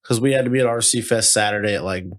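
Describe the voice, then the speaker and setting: A man hosting a podcast, telling an animated, profane story full of "like". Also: fairly low pitch, very fast. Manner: animated, profane, heavy use of "like". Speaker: podcast host. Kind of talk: casual storytelling chat.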